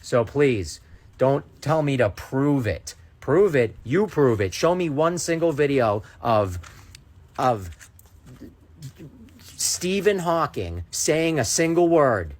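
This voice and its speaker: A man delivering a combative monologue to his followers, heavy on sarcasm and indignation. His pitch sits in an ordinary middle range for a man. He speaks straight to the camera like a social media creator venting. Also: very animated, slow pace. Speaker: content creator. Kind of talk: ranting direct-to-camera monologue.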